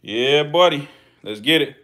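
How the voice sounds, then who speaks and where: A young adult man with a Californian accent, hosting a casual vlog with slangy, profane, excitable commentary and laughing asides to viewers. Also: on the high side, a little slow. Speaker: channel host feeding snakes.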